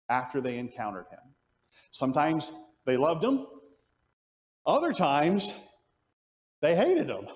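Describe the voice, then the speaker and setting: Teaching an adult Bible class at church, this man speaks in an unhurried, mid-range voice, animated as he poses questions to the group. The sound is that of a big room.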